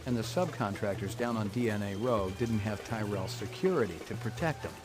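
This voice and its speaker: An actor playing a weary male detective, narrating in clipped, flat lines in a video game. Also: lowish voice, fairly quick, natural voice. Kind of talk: game voice acting. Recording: game audio under music.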